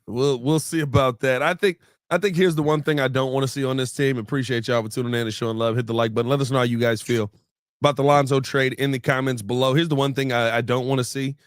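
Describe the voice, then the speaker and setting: A man's voice: medium pitch, steady tone, fast, dry recording, clean studio sound. Blunt, opinionated male sports host. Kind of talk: casual sports talk.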